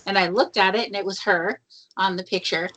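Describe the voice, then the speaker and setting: A woman radio host from Minnesota leads a relaxed interview. She tells stories with lively energy and laughs easily. Her voice is bright and forward, at a medium pitch. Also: fairly quick, a little hiss or hum, poor audio. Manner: lively storyteller who laughs often.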